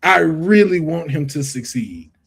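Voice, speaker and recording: Animated male podcast host. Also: a little high, measured pace, gravelly, husky. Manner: animated, emphatic, slangy. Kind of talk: casual chat.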